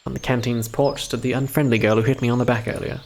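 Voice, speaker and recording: A man's voice: medium pitch, flat delivery, quick pace, a little hiss or hum. A young man live-streaming a visual novel, reading the text aloud and breaking off into chatty, profane commentary.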